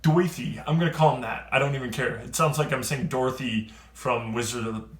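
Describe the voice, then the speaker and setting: A man giving a casual, excitable card-game review, rambling and trailing off quieter at the ends of thoughts. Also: medium pitch, brisk. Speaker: card game video creator. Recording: roomy echo.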